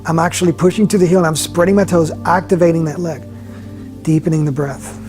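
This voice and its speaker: A man leading a yoga class, giving calm, slow step-by-step cues and often dropping his voice softly. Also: on the high side, soft background music. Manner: calm, slow guiding cues with soft drops in volume. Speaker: yoga instructor. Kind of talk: guided yoga class instruction.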